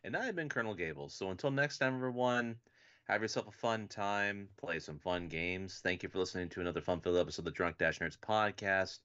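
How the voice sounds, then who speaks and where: A man's voice: sits low, quick pace, pushed and bright, clean tone, muffled recording. A man co-hosting a casual podcast, rambling and swearing with lots of fillers. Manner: rambling, profane, many fillers. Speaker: podcast co-host.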